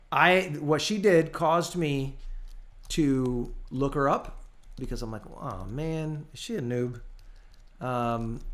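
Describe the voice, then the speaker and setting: A man running a casual live training class over a video call, telling stories and acting out the people in them. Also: fairly high pitch. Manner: animated storytelling, acts out his clients' voices. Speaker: real estate trainer.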